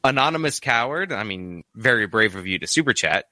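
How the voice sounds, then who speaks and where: Male streamer, bright voice, rambling chatter with plenty of fillers. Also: lowish voice, lively intonation, brisk, no room sound. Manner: rambling, many "like" fillers, laughs often. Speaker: streamer reading super chats. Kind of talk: casual live-stream chat.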